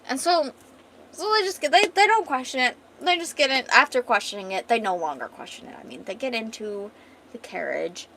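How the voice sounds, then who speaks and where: A woman's voice: fairly high pitch, lively intonation, brisk, sharp tone, slight background noise, poor audio. A woman streamer casually retelling a story, rambling and swearing freely.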